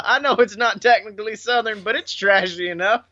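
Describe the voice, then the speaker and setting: A man co-hosting a casual comedic podcast chat, laughing often and riffing quickly on silly ideas. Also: sits high, bright, forceful tone, dull audio. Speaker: podcast co-host.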